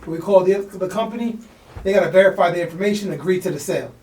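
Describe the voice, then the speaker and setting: A man co-hosting a podcast, telling a story in a fast, slangy, animated way and acting out the voices of people in it. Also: high voice. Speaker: podcast co-host. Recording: echoey room, mic at a distance.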